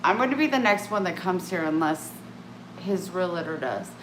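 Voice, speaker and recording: A woman with a fairly low, expressive voice talks at a moderate pace, rambling casually to camera in a vlog, often breaking off and starting over while speaking candidly about herself. Her meandering, self-interrupting chat is recorded in an echoey room with faint ambience and a noisy background.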